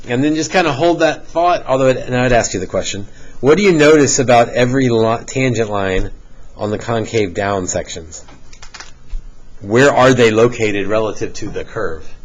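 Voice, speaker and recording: A middle-aged man teaching a calculus lesson in a classroom, explaining step by step with relaxed joking asides to students. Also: mid-range voice, moderate pace. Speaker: math teacher. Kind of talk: classroom lecture. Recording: dull lo-fi classroom recording with faint hiss.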